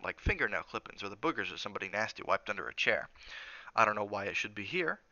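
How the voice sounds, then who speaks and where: A man's voice: lowish voice, bright, forceful tone, dry recording, lo-fi sound, heavily acted. A man doing a folksy old hotel cook. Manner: folksy, reassuring drawl. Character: kindly older male hotel cook, folksy.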